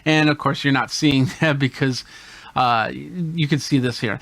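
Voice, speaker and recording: Male tech host, mid-pitched, casual hands-on gadget walkthrough, dry close sound. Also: brisk, a bit bright, dry recording. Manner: explains hands-on while demonstrating gadgets. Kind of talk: casual gear demo.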